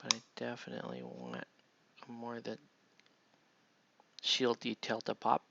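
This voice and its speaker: A man's voice: mid-range voice, very animated, measured pace, creaky, fairly bright tone, lo-fi sound. A man chatting casually on a live stream while he paints, murmuring half to himself and talking to viewers between brushstrokes.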